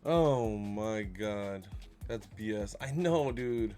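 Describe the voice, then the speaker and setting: A young man streaming a game live, chatting casually and jokingly, sometimes bursting into loud shouts. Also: lowish voice, takes it slowly, faint music behind. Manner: excitable, jokey, bursts into shouts. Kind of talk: live gaming commentary.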